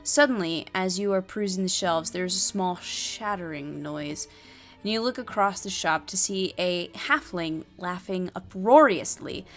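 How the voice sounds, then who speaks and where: A woman's voice: fairly low pitch, a little slow, faint music behind. Chatty woman narrating a solo game. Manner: chatty asides, many fillers. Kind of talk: reading and playing a solo tabletop adventure.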